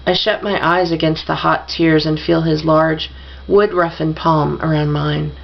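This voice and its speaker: A woman's voice: low voice, little pitch movement, unhurried, creaky, highs cut off. A woman reading a novel aloud, giving the dialogue mild shifts of voice. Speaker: audiobook reader.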